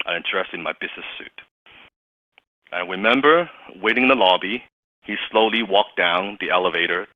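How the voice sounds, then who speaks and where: A man telling a personal story as a motivational business speaker, animated, laughing often and stumbling over restarts. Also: low voice, moderate pace, dry recording. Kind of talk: storytelling talk. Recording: dry, tinny phone-like sound.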